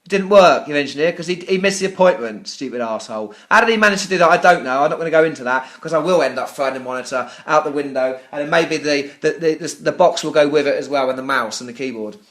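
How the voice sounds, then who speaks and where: This is an exasperated British man with a high, strained voice, venting at a customer service agent. His complaint turns sarcastic and profane, and he stumbles over the same words again and again. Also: fast, few pauses, a bit bright. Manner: furious, ranting, sarcastic, stammering repetitions; swears often. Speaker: business owner calling customer service. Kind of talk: phone complaint call.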